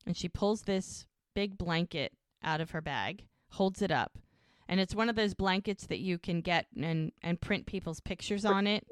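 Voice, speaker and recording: A woman's voice: on the low side, moderate pace, clear, resonant tone, no echo, studio quality. A woman co-hosting a rewatch podcast, retelling the scenes in casual chat and briefly putting on little voices for the characters' lines. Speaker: podcast co-host recapping episodes.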